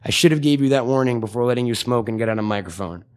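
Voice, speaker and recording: A man co-hosting a podcast, talking in casual comedic banter, profane and joking, slipping into quick impressions. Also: medium pitch. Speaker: podcast co-host.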